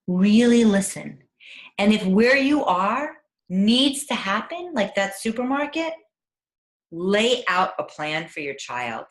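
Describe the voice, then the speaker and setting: A woman parenting coach giving a teleclass, speaking in a gentle, encouraging way. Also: mid-range voice, sing-song, slow. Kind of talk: teleclass talk. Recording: echoey room.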